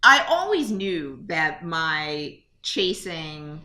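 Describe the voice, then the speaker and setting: A woman's voice: low voice, sing-song, very slow, sharp tone. A woman co-hosting a podcast, talking in a candid, self-mocking way with many fillers and restarts. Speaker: podcast co-host. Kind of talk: candid casual chat. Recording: roomy echo.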